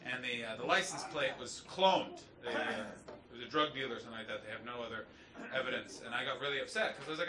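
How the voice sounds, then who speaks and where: A man from Canada doing a stand-up routine on a club stage, swinging from muttered asides to shouted punchlines. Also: medium pitch, fast. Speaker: stand-up comedian. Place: comedy club stage before a laughing audience. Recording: echoey club from a distance, noisy.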